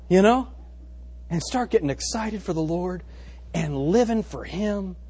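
A male preacher with a somewhat high, husky voice that swings widely between lows and sudden highs. He preaches with animation, asking the congregation one question after another and calling for amens. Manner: animated preaching with rhetorical questions, calls for amen. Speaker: pastor. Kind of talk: sermon. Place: church service before a congregation.

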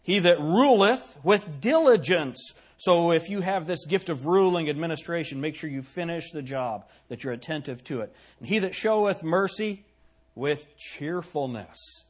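Male pastor, sermon, somewhat high husky voice, emphatic, asks the room questions. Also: lively intonation, moderate pace. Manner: reads scripture in old-fashioned wording.

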